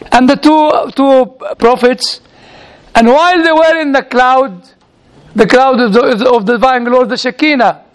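Very high-voiced man preaching. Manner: halting, with frequent restarts and playful asides. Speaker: priest. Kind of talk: sermon with storytelling.

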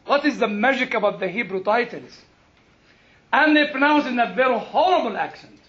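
Man, sermon, very high pitch, humorous storytelling, dull lo-fi recording. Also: unhurried, pauses often, a little hiss or hum. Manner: animated, humorous storytelling with quoted exchanges. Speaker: preacher.

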